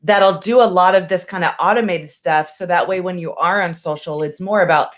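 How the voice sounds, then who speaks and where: A woman's voice: on the low side, brisk. A woman in her forties co-hosting a casual business chat, talking in a chatty, rambling way with many fillers. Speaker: co-host, real estate agent.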